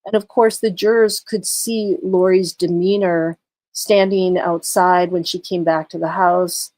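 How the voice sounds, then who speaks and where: A woman's voice: lowish voice, steady tone, unhurried, a little mellow, no room sound. A tired woman livestreaming in casual chat, talking through a case and greeting her viewers. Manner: chatty, greets viewers, many fillers. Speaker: true crime livestreamer.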